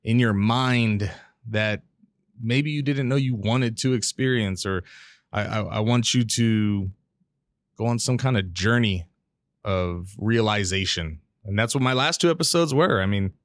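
A man with a lowish voice and a measured pace hosts his own casual podcast, rambling candidly, restarting often, and swearing now and then. He sits close to a pop-filtered studio mic, and there's no room sound.

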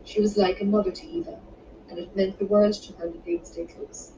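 A woman's voice: mid-range voice, level tone, dark tone. Woman reading her novel, roomy and muffled. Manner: measured, unhurried reading with small restarts. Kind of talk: audiobook narration. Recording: roomy, distant, muffled home recording with background noise.

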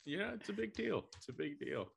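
A man's voice: fairly high pitch, animated, normal speed, vocal fry, breathy edge. A man co-hosting a podcast, chatting casually with teasing banter. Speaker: podcast co-host.

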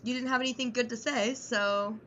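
Woman, middle pitch, quiet and agreeable, muffled recording with light noise. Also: steady tone, brisk. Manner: short agreeing replies, quiet. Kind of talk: casual supportive chat. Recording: dull lo-fi sound with faint noise.

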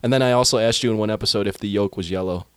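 A man co-hosting a casual podcast, trading quick teasing banter over a video call. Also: lowish voice, smooth, dry recording, clean studio sound. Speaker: podcast co-host.

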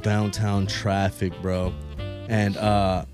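A man's voice: lowish voice, little pitch movement, slow pace, over music. A young man co-hosting a casual podcast, telling a long story in laid-back, profane slang. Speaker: podcast co-host. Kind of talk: casual chat.

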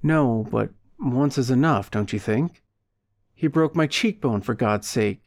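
A man's voice: mid-range voice, a little slow, a little mellow, dry recording, studio quality, close to an everyday voice. A man voicing a defiant young woman near tears.

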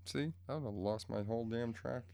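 A man's voice: medium pitch, fairly quick, gravelly, a little mellow. A man rants crudely and bluntly to his viewers in a mid-range voice. He rambles and keeps getting sidetracked. The sound is dry and close, with no room echo. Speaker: vlogger. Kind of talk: casual profane rant to camera. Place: home room.

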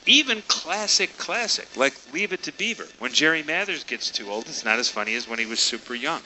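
A man's voice: on the high side, lively intonation, fairly quick, sharp tone, a little hiss or hum, rough recording. A man in a casual podcast chat, emphatic and opinionated.

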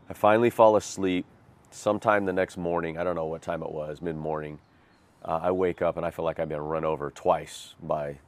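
A man recounting a hard chapter of his life as a personal testimony, earnest and self-deprecating. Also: low-pitched. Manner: earnest, self-deprecating, vivid retelling with rueful laughs. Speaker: guest sharing his life story.

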